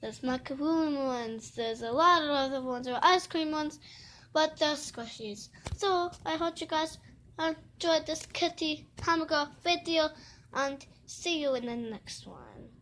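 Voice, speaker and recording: A woman's voice: sits high, unhurried, a bit bright, a little hiss or hum. A woman vlogging casually about a squishy toy in a cutesy put-on kitty voice, gushing and rambling. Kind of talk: casual toy show-and-tell vlog.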